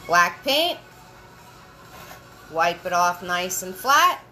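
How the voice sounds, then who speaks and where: A woman leading a live painting lesson, chatty and encouraging, giving slow step-by-step instructions and greeting viewers by name. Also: lowish voice, sing-song, pushed and bright, faint music behind, poor audio.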